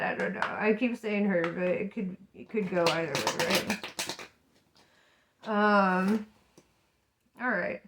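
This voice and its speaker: A woman's voice: mid-range voice, a little slow, fairly bright tone. A woman giving a casual tarot reading, frank and profane, laughing often and asking "right?" as she talks. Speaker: tarot reader.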